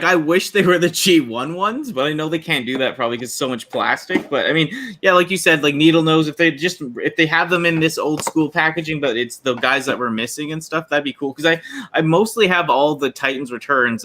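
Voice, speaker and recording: Chatty man with a bright voice. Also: on the high side, a little hiss or hum. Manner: chatty, loose, trailing off. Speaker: panel guest. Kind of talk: livestream panel chat. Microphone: video call.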